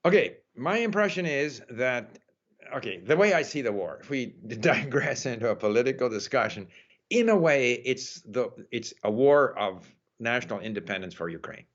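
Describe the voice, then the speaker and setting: A man's voice: medium pitch, very animated, moderate pace. Man answering interview questions, lo-fi. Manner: thoughtful, frequent "uh" and "you know". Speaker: interview guest, language learner. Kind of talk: relaxed conversational interview answers. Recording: dull lo-fi audio.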